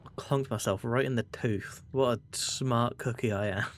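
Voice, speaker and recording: A man's voice: medium pitch, fairly even intonation, normal speed, slight background noise. An English man casually commenting on his gameplay as a streamer, wry and playful, sometimes slipping into mock-posh phrasing. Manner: playful, wry, slips into put-on posh voices.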